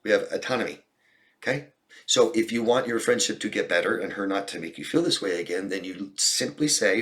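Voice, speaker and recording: Deep-voiced male life coach. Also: fairly quick, pushed and bright. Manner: earnest, direct, many restarts. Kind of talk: Q&A advice talk.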